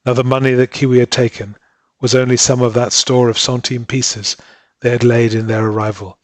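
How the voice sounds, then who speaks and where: A man's voice: mid-range voice, little pitch movement, a little fast, no room sound. Man reading a story, dry close sound. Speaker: audiobook reader. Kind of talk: scripted narration.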